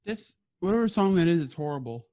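A young man with a slightly higher voice co-hosts a casual podcast and keeps teasing his friends with sarcastic jabs. His voice sounds dry and close, with no room echo. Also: sing-song, quick pace, mellow. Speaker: podcast co-host. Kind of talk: casual chat.

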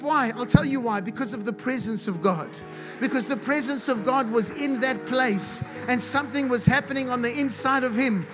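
High-voiced impassioned male preacher. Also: moderate pace. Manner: impassioned, builds to shouting, repeats "he said". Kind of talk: sermon. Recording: music playing behind the voice.

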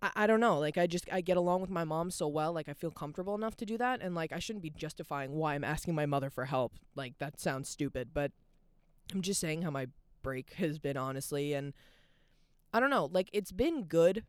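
This is a candid solo podcast from a young adult woman whose low-pitched voice is expressive, fairly quick, and clean-toned. The studio recording is clean, with no room sound. She talks in an open, confessional ramble, slipping "like" into nearly every phrase.

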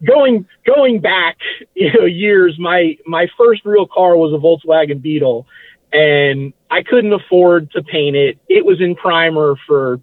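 A man's voice: on the high side, expressive, unhurried, no room sound. A man, a guest in a casual interview, recalling things in a rambling way and correcting himself as he goes. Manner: rambling, self-correcting recollection. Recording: tinny phone-like line, dry.

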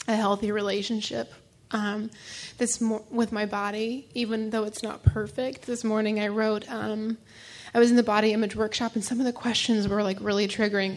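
A woman shares her personal story at a recovery meeting in a mid-pitched voice. She speaks haltingly and emotionally, leaning on fillers and restarting her sentences. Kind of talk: personal testimony.

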